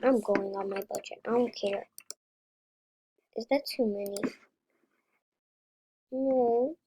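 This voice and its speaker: Female gaming creator, casual play-by-play; slightly high, unhurried, warm tone with excitable bursts and whispered asides. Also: slight background noise. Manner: chatty and excitable, drops into whispers. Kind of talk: casual gameplay commentary.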